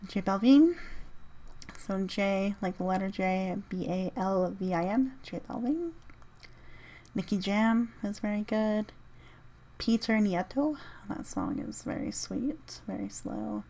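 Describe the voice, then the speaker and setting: A woman's voice: medium pitch, takes it slowly, gravelly, mellow. Woman rambling through her music list. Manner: rambling, reads out a music list, spells out names. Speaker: podcast host. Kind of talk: casual solo podcast ramble.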